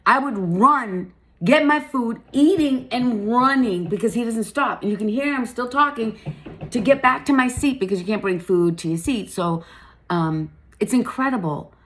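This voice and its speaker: A woman giving a casual spiritual tarot reading, chatty and emphatic, laughing often and swearing now and then. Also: moderate pace. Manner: laughs often, lively pitch swings.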